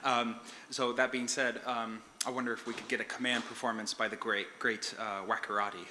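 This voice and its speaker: A man from the audience asking a question, excited and gushing in an apologetic way. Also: mid-range voice, brisk, a little hiss or hum.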